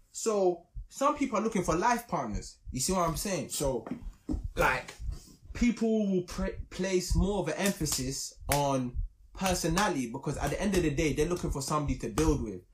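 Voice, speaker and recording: A young man, telling a story in casual podcast chat, animated and emphatic. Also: fairly high pitch, normal speed, slight background noise.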